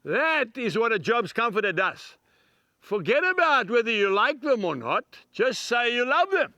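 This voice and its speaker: A man preaching a devotional talk for TV, his voice unusually high and bright. He speaks earnestly and emphatically, turning straight to the viewers. The sound is dry and close. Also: big pitch swings, normal speed, dry recording. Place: filming set with camera crew.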